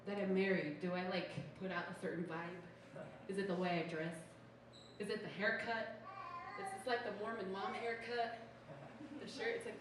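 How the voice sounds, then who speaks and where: A young woman from Utah doing a stand-up comedy set, chatty and sarcastic, with "like" in almost every sentence. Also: mid-range voice. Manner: chatty, sarcastic, says "like" constantly. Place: small comedy show venue. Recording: echoey room from far off with noise.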